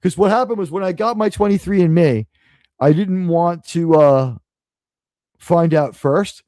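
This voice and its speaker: A man's voice: high voice, measured pace, warm tone, no room sound. A man from New City, hosting a live stream, talking in a profane, sarcastic, rambling way. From New York City. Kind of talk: casual live-stream rant.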